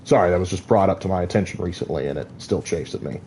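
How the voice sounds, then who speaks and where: A man's voice: deep voice, fast, darkish tone. A man casually commentating on his gameplay, rambling through opinionated asides full of "like.". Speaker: gaming streamer.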